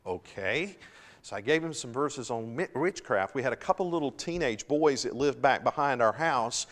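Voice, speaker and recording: Middle-aged pastor preaching in a reverberant sanctuary. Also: male voice, medium pitch, lively intonation. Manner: earnest preaching with swells of emphasis and dramatic pauses. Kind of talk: sermon. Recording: long hall reverb.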